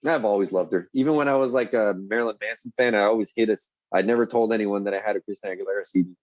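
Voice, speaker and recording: A man's voice: fairly low pitch, very fast, no room sound, rough recording. A man, a podcast guest telling rambling, profane stories in casual chat. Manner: profane, rambling, animated storyteller.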